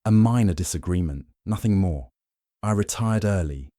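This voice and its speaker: A man's voice: low-pitched, lively intonation, normal speed, warm tone, no room sound, clean studio sound. A man voicing a guarded aristocratic lady in an audiobook, speaking in short, clipped replies. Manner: clipped, curt. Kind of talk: audiobook character voice.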